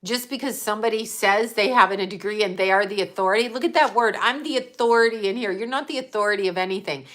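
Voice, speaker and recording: Blunt, forceful-voiced middle-aged woman. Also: medium pitch. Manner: blunt and emphatic, swears freely. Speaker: psychic medium. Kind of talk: casual livestream monologue.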